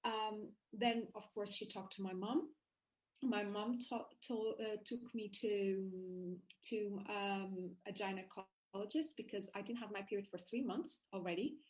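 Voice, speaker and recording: A woman guest in a casual interview, recounting her own story in an animated way, often restarting her sentences. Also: mid-range voice, a little slow, rough recording.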